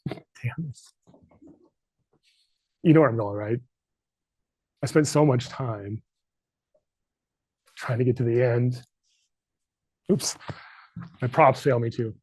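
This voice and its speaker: A man's voice: medium pitch, fairly even intonation, slow, long pauses, a little mellow, breathy edge, no room sound. A middle-aged man leading a leadership workshop, speaking earnestly and candidly, fighting back tears. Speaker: leadership trainer. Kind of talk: emotional workshop talk. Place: training room.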